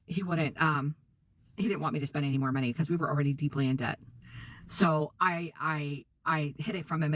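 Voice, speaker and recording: A middle-aged woman talks straight to her viewers as an online business coach, selling her course. She is earnest and confessional, close to tears, and keeps repeating her phrases. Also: fairly low pitch. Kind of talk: direct-to-camera sales pitch.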